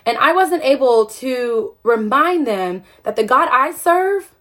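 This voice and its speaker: High-voiced woman ranting passionately on a livestream. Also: animated, slow pace, sharp tone. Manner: passionate and emphatic, many rhetorical questions. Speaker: network marketer hosting a live video. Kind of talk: emotional livestream rant.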